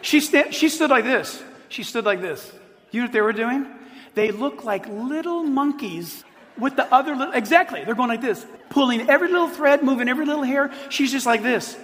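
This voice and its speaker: High-voiced pastor preaching in a reverberant hall. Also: male voice, fairly quick. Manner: animated storytelling, emphatic repetition. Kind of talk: sermon to a live audience.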